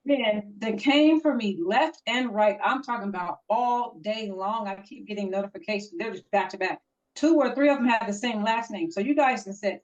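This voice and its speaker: A woman's voice: a little high, normal speed. A woman co-hosting a casual podcast, telling a story in a heated, emphatic way. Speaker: podcast co-host. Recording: dull lo-fi audio.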